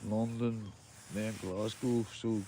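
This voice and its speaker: A man's voice: lowish voice, fairly even intonation, slow, warm tone, a little hiss or hum. A man with a Northern Irish accent, chatting casually to his live-stream viewers from a small tent while out fishing, greeting each one by name and calling them mate. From Northern Ireland. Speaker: livestreaming angler. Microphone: phone or camera on a live stream.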